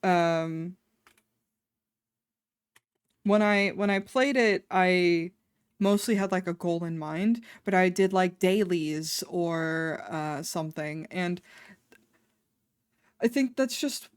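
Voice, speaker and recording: A woman's voice: on the low side, slow, long pauses, clear, resonant tone, no echo, clean studio sound. A woman streaming casually, chatting with her viewers in a rambling, offhand way and swearing now and then.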